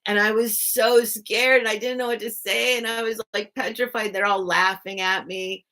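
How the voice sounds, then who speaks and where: Woman, live stream host, casual storytelling, chatty, lots of fillers, bright crisp tone. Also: medium pitch, steady tone, moderate pace. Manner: chatty, heavy use of "like" fillers, greets chat viewers.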